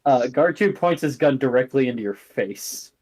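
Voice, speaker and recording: A man's voice: medium pitch, animated, normal speed, a little mellow. A man narrating a tabletop game as game master, casual and full of "uh"s. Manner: casual, many fillers.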